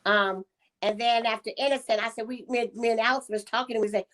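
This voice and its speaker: A woman guest singer chatting casually, telling a story in a warm, chatty way. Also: fairly high pitch, steady tone, fast. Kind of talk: casual interview chat.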